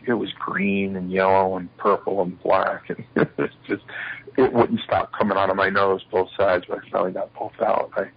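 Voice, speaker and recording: A man's voice: low voice, moderate pace, vocal fry, breathy edge. An older man, a guest in an interview, tells stories about his past, acting out the lines of the people in them. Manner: animated storyteller acting out quoted dialogue. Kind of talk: shoot interview storytelling. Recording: slightly muffled lo-fi interview audio.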